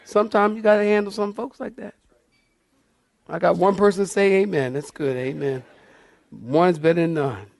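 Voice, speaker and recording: A man's voice: sits high, a little mellow. A man preaching an emphatic verse-by-verse sermon to his congregation in church. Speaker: pastor.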